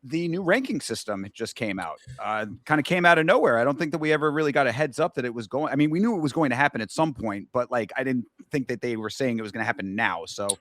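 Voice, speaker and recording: A man co-hosts a casual sports talk show, easygoing as he wraps up points and steers the conversation to new topics. He talks fast and expressively with hardly any pauses, in a mid-range, slightly bright voice with no room sound.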